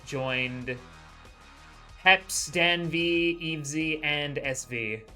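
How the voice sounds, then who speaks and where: A man's voice: on the high side, extremely slow, pushed and bright, soft background music. A man commentating a live esports match, introducing the players with a joking, self-deprecating manner and announcer-style hype.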